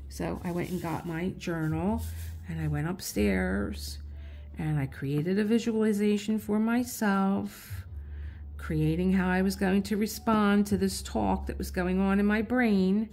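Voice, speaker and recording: This artist runs her own channel and chats in a loose, storytelling way as she works on an art piece. She's middle-aged, with a mid-range, a little mellow voice that stays steady and unhurried.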